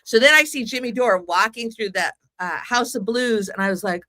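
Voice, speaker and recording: Chatty storytelling woman, bright voice. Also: on the high side, moderate pace, no echo, studio quality. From Mexican heritage. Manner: rambling anecdotal storyteller, acts out quotes. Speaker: podcast guest. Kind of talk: casual storytelling chat.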